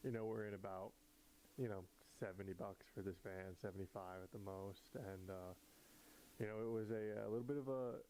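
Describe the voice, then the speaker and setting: Rambling young man with a low voice. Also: fairly even intonation, a little fast, dark tone, slight background noise, poor audio. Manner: rambling, hesitant, many fillers. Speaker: podcast host. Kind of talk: casual home podcast chat. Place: indoors in a small apartment. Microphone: home DIY setup.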